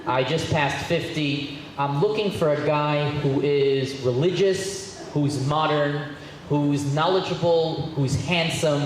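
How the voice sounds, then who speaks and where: A man playing a single woman past fifty who slowly and earnestly lists what she hopes for, as part of a joke in a synagogue. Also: fairly high pitch, fairly even intonation. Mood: wistful. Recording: echoey hall with faint noise.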